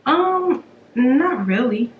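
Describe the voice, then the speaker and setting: A woman's voice: sits high, lively intonation, drawn-out words, phone-quality sound. A woman, a mother hosting a family eating video, chatting casually between bites, chewing carefully on sore teeth and murmuring as she eats. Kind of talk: casual mukbang chat while eating. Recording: roomy sound with faint background noise.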